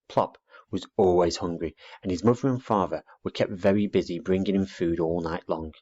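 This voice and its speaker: A man narrating a children's storybook aloud in an expressive read-aloud manner, dull lo-fi recording. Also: low-pitched, moderate pace.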